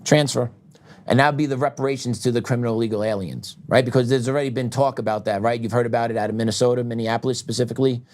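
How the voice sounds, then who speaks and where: A middle-aged man hosting a political talk show, ranting heatedly, with loud outbursts that drop into quieter reflection and frequent laughs. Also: medium pitch, fairly even intonation, rapid-fire. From United States.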